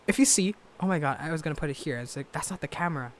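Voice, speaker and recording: Loud, rambling young man, high voice. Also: lively intonation, racing, a little hiss or hum. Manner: rambling, self-mocking, loud. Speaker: vlogger and musician. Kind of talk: casual chat to camera. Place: bedroom at home. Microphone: webcam or laptop camera.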